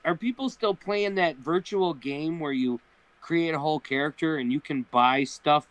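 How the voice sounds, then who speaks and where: A man's voice: fairly high pitch, normal speed, fairly bright tone, no room sound, poor audio. A man telling funny anecdotes in a casual video call chat, laughing at his own jokes. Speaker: podcast guest.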